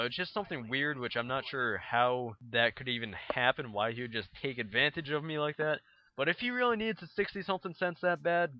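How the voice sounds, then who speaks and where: A man's voice: mid-range voice, muffled recording. A young man casually telling a rambling story over gameplay footage, full of fillers and acted-out quotes. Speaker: gaming video host.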